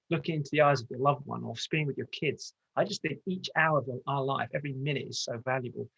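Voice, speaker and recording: A male coach from the UK, guesting on a podcast. He speaks quickly and passionately through a slightly husky voice. The audio sounds dull and lo-fi, like a remote call. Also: medium pitch, a bit bright. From United Kingdom. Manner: passionate, gets carried away, talks fast. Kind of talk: motivational interview talk.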